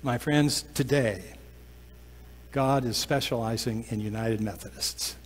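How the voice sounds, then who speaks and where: Man preaching in a reverberant church. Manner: slows down and drops to a soft, low voice for emphasis. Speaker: pastor. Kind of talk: sermon. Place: church sanctuary.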